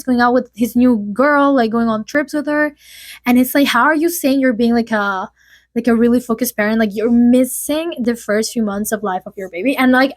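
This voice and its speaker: A woman's voice: fairly high pitch, no echo. A young adult woman vlogging casual gossip, rambling and chatty with lots of "like" fillers. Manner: chatty, rambling, heavy use of "like". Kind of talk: casual gossip chat to camera.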